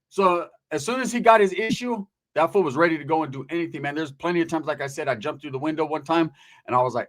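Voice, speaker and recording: A man telling crude, animated stories in a casual, profane way, often tagging right? onto his lines. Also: a little high, quick pace. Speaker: podcast host telling stories.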